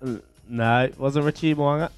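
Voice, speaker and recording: A man hosting a breakfast radio quiz, playful and quick to laugh. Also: mid-range voice, fairly even intonation, smooth, no echo, faint music behind. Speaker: radio show host.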